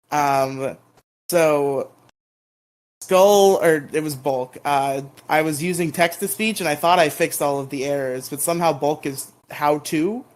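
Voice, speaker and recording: A man's voice: fairly high pitch, slow pace. A man co-hosting a podcast, recapping episodes in a rambling, casual way with lots of ums and bursts of playful mock outrage. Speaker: podcast co-host.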